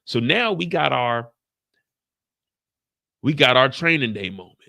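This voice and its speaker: A lively man talks through a TV finale in casual commentary. His voice has a gravelly edge and a bright, forceful tone. He leaps between high and low put-on voices for each character. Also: a little slow, pauses often. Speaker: show reviewer.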